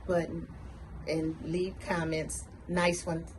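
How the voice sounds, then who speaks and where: Lady hosting her talk show, real slow and easy, lowish voice, faint hiss. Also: level tone. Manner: slow, laughs often, encouraging.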